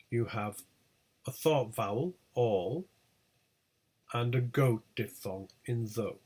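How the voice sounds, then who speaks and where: A man teaching a recorded pronunciation lesson, reading out example words one by one with clear, deliberate delivery. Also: mid-range voice. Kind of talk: recorded lecture over slides.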